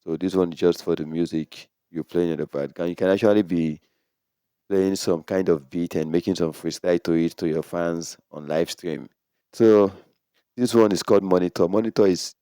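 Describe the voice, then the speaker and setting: A relaxed man hosting a how-to video breaks down equipment step by step, leaning on the word "so" again and again. His voice sits low with a clean tone at normal speed, and the dry, studio-quality recording comes from a condenser microphone connected through a sound card.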